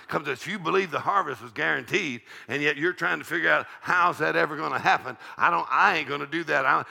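A man's voice: fairly high pitch, creaky, sharp tone. An older man, a pastor preaching an evening sermon in a folksy, joking, call-and-response way.

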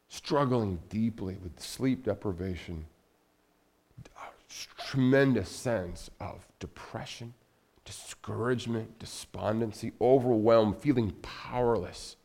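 A man giving a church sermon in a conversational storytelling way, often restarting his sentences and dropping to a soft, low voice at heavy moments. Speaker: pastor. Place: church sanctuary.

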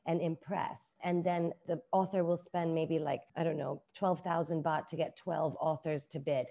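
A woman's voice: fairly low pitch, creaky, dark tone. A middle-aged woman, an author and publisher, talking casually in an interview with many filler words. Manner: chatty, uses many "like" fillers.

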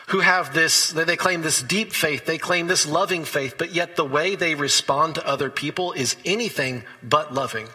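A man's voice: on the high side, bright, forceful tone, husky, in a large hall, low-quality recording. A man preaching a sermon as pastor, talking conversationally and telling stories between scripture readings.

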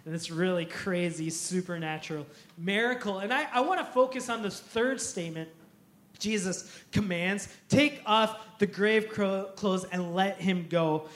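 Animated high-voiced male preacher, echoey room. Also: unhurried. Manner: animated storyteller, acts out quotes with laughs. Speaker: pastor. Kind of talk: sermon.

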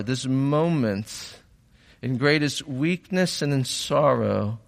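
A male pastor delivers a sermon at an unhurried pace, pausing between phrases. He is reflective, then builds to fervent emphasis. His voice carries a long reverb, as if in a large hall. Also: on the high side, fairly bright tone.

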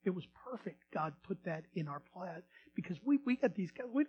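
A male pastor telling a story in a sermon, animated, swinging from loud bursts to hushed retelling. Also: high voice, moderate pace, dull audio.

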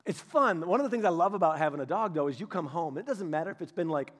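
A man pastor giving a casual, storytelling sermon, chatty and animated, speaking directly to his congregation. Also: a little high, fast. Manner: chatty, animated, many restarts and asides.

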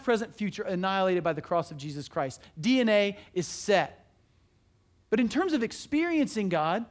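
A man preaching a sermon as pastor, earnest and conversational, asking his listeners questions and restarting his sentences often. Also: extremely high pitch.

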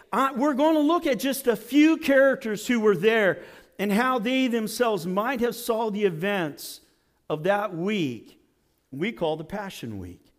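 A man preaching a sermon as a church pastor, using rhetorical questions and dramatic emphasis. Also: sits high.

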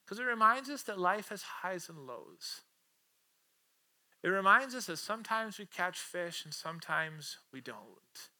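A man preaching a sermon, animated and playful, swinging from loud acted-out quotes to quiet asides with casual jokes. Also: high voice, unhurried. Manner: playful, casual slang and self-aware jokes. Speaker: pastor.

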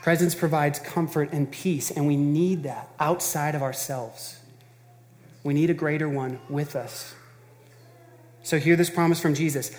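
High-voiced earnest male preacher. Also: steady tone, unhurried, a little mellow, in a large hall. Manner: earnest, emphatic, conversational preaching with repeated phrases. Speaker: pastor. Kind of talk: sermon.

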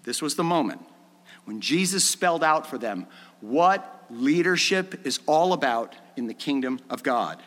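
A male pastor preaching with animated storytelling. His voice sits high and swoops widely as he acts out the dialogue. A long reverb from the hall follows his words. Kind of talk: sermon.

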